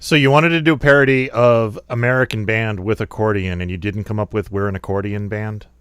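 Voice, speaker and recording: Male podcast host, lowish voice, dry close sound, curious, laughs easily. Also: steady tone, a little fast, fairly bright tone, smooth, no room sound. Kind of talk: casual podcast chat.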